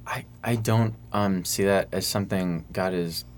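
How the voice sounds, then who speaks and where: A young man from Michigan, a student songwriter, answering interview questions casually in a soft, hesitant way full of fillers. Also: deep voice, a little slow, a little hiss or hum. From Michigan, USA. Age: young adult.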